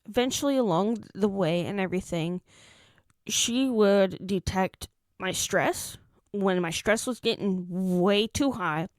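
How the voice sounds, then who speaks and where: A woman's voice: medium pitch, dry recording, clean studio sound. Rambling young woman telling a story. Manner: rambling, repeats words and restarts sentences. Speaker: vlogger. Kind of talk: casual storytime chat. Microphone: desk microphone.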